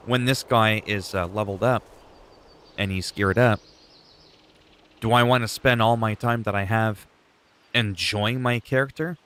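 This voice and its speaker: Guy streaming a game, kinda low voice, just rambling and thinking out loud. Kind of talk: casual gameplay chat.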